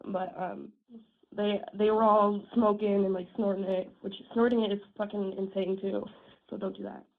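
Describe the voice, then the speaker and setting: A woman's voice: mid-range voice, flat delivery, normal speed. A woman caller who is sick, telling a story bluntly, swearing and laughing along the way. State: sick, strained voice. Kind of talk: phone-in storytelling. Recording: tinny phone line.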